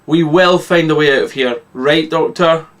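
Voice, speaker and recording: A man's voice: fairly high pitch, moderate pace, a bit bright, lightly acted. A man reading the lines of a young cartoon slacker devoted to his dog, in a plain read-aloud way. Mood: pleading.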